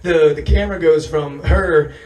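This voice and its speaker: A hoarse man losing his voice, telling a rambling, profane stand-up story on a comedy stage and chuckling as he goes. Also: on the high side, normal speed, a little mellow, far from the mic, rough recording.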